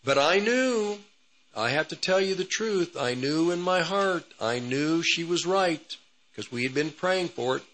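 Bright-voiced man telling a testimony. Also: fairly high pitch, expressive, measured pace, a little hiss or hum, rough recording. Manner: rambling, repetitive, with restarts. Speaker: radio ministry host. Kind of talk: testimony storytelling.

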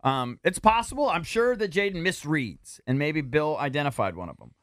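Higher-voiced male sports radio host. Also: normal speed, dry recording, studio quality. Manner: conversational, animated, hedging.

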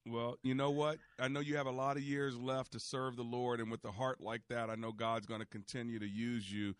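A man's voice: mid-range voice, little pitch movement, fairly quick, clean tone. A man hosting a call-in radio ministry show, preaching earnestly and encouraging his callers.

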